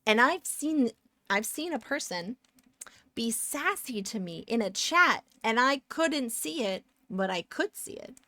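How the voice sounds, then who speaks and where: A woman's voice: on the high side, very animated, measured pace, sharp tone, no room sound. Chatty woman streamer, dry close sound. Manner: chatty and rambling, goes off on tangents and reads chat aloud. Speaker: live-streaming pixel artist. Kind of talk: casual live-stream chat while drawing.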